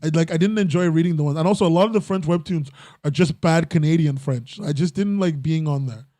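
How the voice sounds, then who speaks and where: A young man in casual podcast chat, voice sitting a little high for a man. He rambles, restarts his sentences and laughs at his own jokes. The sound is close and dry. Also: a little fast, warm tone, no echo. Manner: rambling, self-interrupting, laughs often. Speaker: podcast host.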